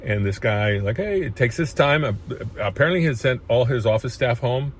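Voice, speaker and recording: A man's voice: mid-range voice, animated, fairly quick, a little hiss or hum. A man casually telling his own life story, rambling with frequent restarts and getting emotional at points. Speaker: chiropractor sharing his story.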